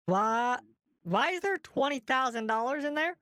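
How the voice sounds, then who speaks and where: A man's voice: very high voice, lively intonation, normal speed, bright, forceful tone, pitched above the performer's own voice, exaggerated voice. A man putting on a flustered phone woman. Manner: stammering, evasive. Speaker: scam baiter.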